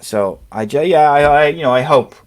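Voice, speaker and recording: A man's voice: a little high, animated, moderate pace. A man hosting a casual sports podcast, talking in a rambling way with many fillers and restarts. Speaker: podcast host.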